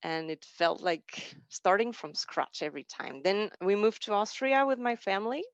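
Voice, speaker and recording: A woman's voice: medium pitch, moderate pace, no echo. A young woman from France, a native French speaker, gives a personal talk in a candid, conversational way, full of fillers and self-corrections. The recording is dry and a little dull, with a slightly lo-fi sound.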